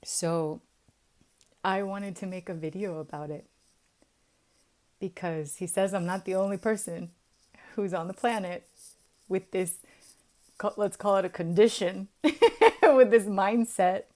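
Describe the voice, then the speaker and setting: A young woman vlogs in a casual, confessional way. She talks chattily, fills her sentences with little hesitations, and often breaks into laughs. Her pitch sits in the middle range. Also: steady tone, measured pace, long pauses, mellow. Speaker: vlogger.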